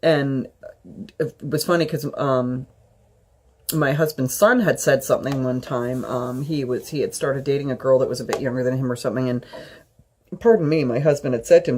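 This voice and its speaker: A woman in her fifties telling a personal story in a vlog, rambling and halting, with many fillers. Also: extremely low pitch, fairly even intonation, darkish tone, husky. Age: 50s. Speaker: vlogger.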